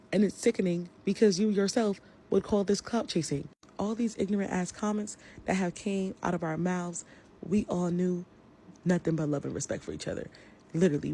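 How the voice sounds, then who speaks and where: A woman's voice: fairly low pitch, mellow, a little hiss or hum. A woman giving an angry, profane rant to the camera about a falling-out with a friend. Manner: heated, profane, confrontational. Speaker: social media personality.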